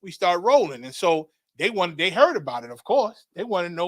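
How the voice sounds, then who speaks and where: A middle-aged man recounting a religious vision as a testimony, dramatic and repetitive, building to excited shouts. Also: high-pitched, brisk, few pauses, dry recording, studio quality. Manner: dramatic, repeats phrases, rising to excited shouts. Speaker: religious teacher. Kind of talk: testimony storytelling.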